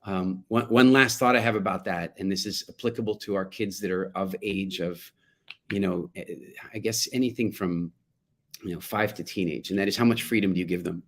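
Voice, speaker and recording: A man's voice: deep voice, fairly even intonation, a little fast. A middle-aged man speaking to parents, telling a family story and acting out the quotes. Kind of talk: talk to parents.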